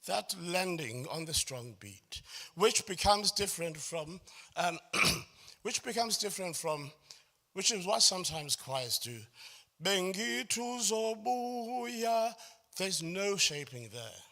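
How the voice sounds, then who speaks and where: Speaking at a measured pace, this man has a fairly high, lively voice that is bright and forceful, with some vocal fry. He leads a choral workshop lecture, explaining phrasing step by step, asking "does it make sense?" often, and demonstrating by singing and humming short lines.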